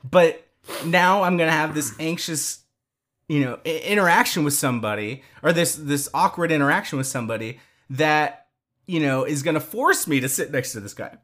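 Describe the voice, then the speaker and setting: A man co-hosting a podcast, telling a story in casual chat, animated and quick to swear, with many restarts. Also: fairly high pitch. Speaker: podcast co-host.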